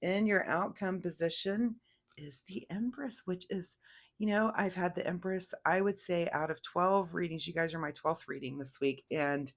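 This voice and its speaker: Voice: medium pitch, normal speed. A tarot reader giving a casual weekly reading, rambling and chatty, with many fillers.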